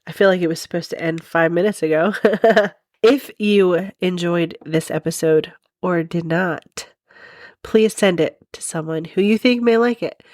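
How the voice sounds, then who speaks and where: A woman's voice: lowish voice, measured pace, a little mellow, no room sound. Giggly woman podcaster rambling thru a story, laughing a lot, dry close sound. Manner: giggly, rambling, laughs often mid-sentence. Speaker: podcast host.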